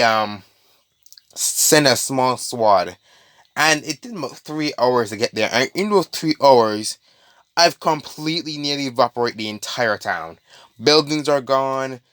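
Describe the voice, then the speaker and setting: A man improvises a story in a loose, rambling way, restarting and adding asides as he goes. His voice sits at an ordinary middle pitch, and the recording is dry and close. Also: fairly bright tone, clear, resonant tone, dry recording.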